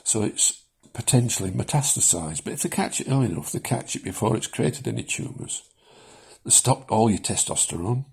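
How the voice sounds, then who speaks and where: A man in his seventies talking casually in a personal vlog, rambling with many pauses and chuckling at his own jokes, shaky as he speaks. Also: mid-range voice, lively intonation, vocal fry, darkish tone, husky. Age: 70s. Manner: rambling, self-deprecating, chuckles often, many ums. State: shaking. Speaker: vlogger sharing his cancer experience.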